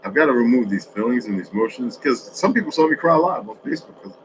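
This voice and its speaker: A man's voice: mid-range voice, big pitch swings, fast talker, background noise. A man in a casual, rambling monologue for social media, telling streetwise stories with lots of cursing. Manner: profane, rambling, streetwise storytelling.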